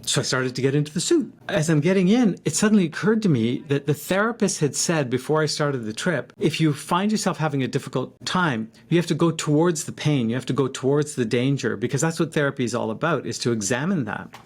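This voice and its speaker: A man in his fifties telling a personal story in a reflective, halting way, with frequent restarts. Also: a little high, animated, slightly rough.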